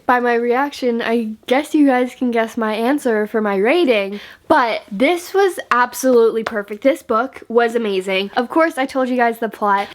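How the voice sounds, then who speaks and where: Young woman, book vlogger, gushing, casual vlog talk, bright high voice. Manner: gushing, excitable, lots of "like" and restarts.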